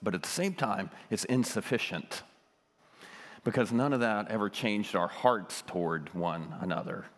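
A man's voice: fairly low pitch, moderate pace, big-room sound. A man giving a conversational sermon, telling a childhood story with lots of ums and self-deprecating humor.

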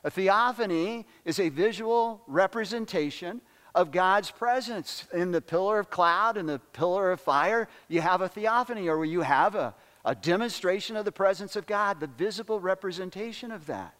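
Older preacher with a high voice. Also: male voice, moderate pace, a bit bright, long reverb tail. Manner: earnest, repeats words for emphasis. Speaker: pastor. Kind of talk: sermon.

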